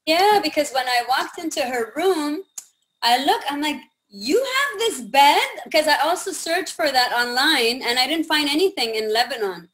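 A woman's voice: high-pitched, moderate pace. A woman guest on a podcast, telling casual stories with lots of laughter and acting out the dialogue. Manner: animated, acts out quoted dialogue, laughs often. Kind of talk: casual storytelling.

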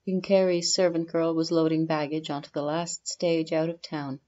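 Low-voiced woman narrating a fantasy story. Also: level tone, mellow, dull audio. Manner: measured storytelling delivery. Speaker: audiobook narrator. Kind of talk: scripted audiobook narration.

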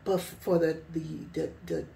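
A woman's voice: low voice, very animated, normal speed, warm tone, slight background noise. A woman preaching an informal sermon in a conversational way, often repeating words and saying "you know.". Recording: roomy echo, voice from far off.

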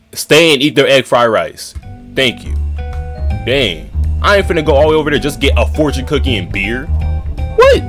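Animated young man reacting to a horror game. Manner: reads game dialogue aloud in a lower voice, then reacts loudly; casual slangy chatter. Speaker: gaming YouTuber.

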